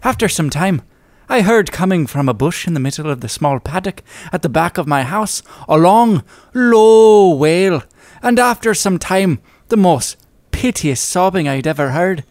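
A man reading aloud as a genteel old Irish gentleman, in a put-on lilting Irish accent and a florid, old-fashioned manner. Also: sits high, animated, extremely slow, hardly any pauses, clear, resonant tone, dry recording, clean studio sound, voice pushed up, full character voice. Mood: solemn.

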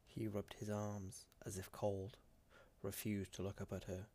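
A man narrating a fantasy story in a measured, deliberate way with dramatic emphasis. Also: on the low side, level tone, dark tone.

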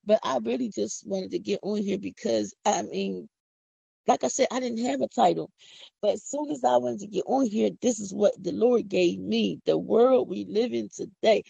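A middle-aged woman hosts her own podcast, chatting about faith in a down-to-earth, preachy way. Her voice is heavily gravelly and mellow, with a husky edge. The recording is dry and dull, like a lo-fi home setup. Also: medium pitch, normal speed, dry recording. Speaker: podcast host. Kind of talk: casual faith talk monologue.

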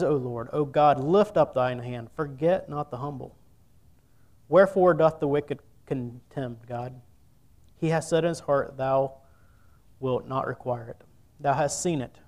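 Man, preacher, sermon, scripture reading, earnest, mid-pitched voice. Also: darkish tone. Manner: earnest, reads old scripture wording then preaches directly.

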